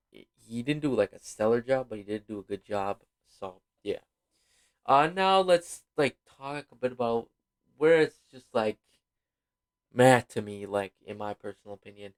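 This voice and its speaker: A man giving a rambling, casual film review, full of fillers and apologies, sounding tired. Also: mid-range voice. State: yawning, tired. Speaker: video host reviewing a film.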